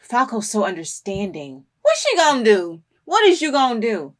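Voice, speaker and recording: A woman hosting an anime reaction video, talking back at the screen and bursting into loud, emotional outbursts with cursing. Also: a little high, huge pitch swings, normal speed. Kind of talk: reaction commentary.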